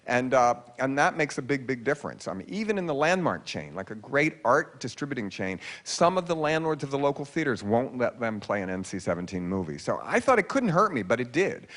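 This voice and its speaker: A man, telling wry deadpan stories in a stand-up monologue in front of a live audience. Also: a little fast, hardly any pauses. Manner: wry, deadpan storytelling with sudden high-pitched quoted voices. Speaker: comedian telling stories on stage. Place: live lecture hall with audience.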